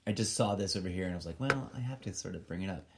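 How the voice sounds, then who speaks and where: A man's voice: low-pitched, rapid-fire, background noise. A middle-aged man hosting a solo podcast, rambling along and wandering off on tangents as he talks to himself. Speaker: podcast host.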